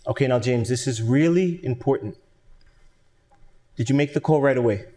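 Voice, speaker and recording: An actor playing a defense lawyer who questions his client in a calm, coaxing way. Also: medium pitch, moderate pace, close to an everyday voice. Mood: probing. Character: patient, insistent defense lawyer. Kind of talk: stage play acting.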